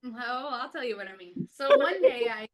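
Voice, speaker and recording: A woman in her thirties, a mother and podcast guest, telling stories in a casual chat, animated and chuckling as she talks. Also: a little high, moderate pace, a crowd in the background. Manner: animated storyteller, chuckles mid-sentence.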